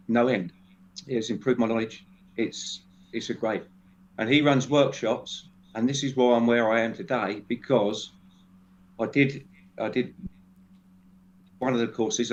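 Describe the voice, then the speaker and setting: A man speaking as a guest in a casual discussion, halting and restarting often. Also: medium pitch. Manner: halting, many restarts and fillers. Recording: dull lo-fi sound with faint noise.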